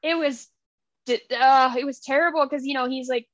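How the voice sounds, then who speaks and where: A woman's voice: sits high, fairly even intonation, normal speed, no room sound, muffled recording. A young woman co-hosting a casual book podcast, retelling scenes in a gushing, emotional way with lots of fillers. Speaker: podcast co-host.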